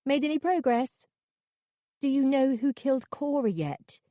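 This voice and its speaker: A woman's voice: sits high, unhurried, mellow, no room sound, studio quality, voice pushed up. A woman reading an audiobook, voicing a blunt, cheeky younger sister in a raised voice. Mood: teasing. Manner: cheeky and brusque.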